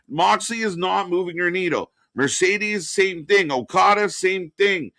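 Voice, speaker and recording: Blunt, bright-voiced man ranting. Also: high voice, expressive, unhurried, few pauses, no echo, studio quality. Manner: blunt, opinionated, swears freely. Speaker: co-host of a wrestling watch party stream. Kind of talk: casual live-stream chat.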